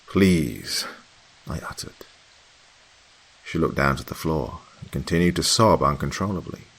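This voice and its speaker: Super deep voiced guy reading a creepy story, husky, hushed and dramatic. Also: normal speed. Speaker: horror story narrator and host. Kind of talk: dramatic first-person horror narration.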